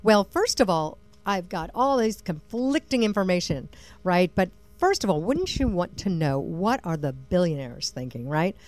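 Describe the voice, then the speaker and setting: A woman co-hosting a radio talk show, chatty and quick to laugh while reading out survey figures. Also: on the low side, sing-song, a little mellow. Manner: chatty, laughs often, reads figures aloud. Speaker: radio co-host.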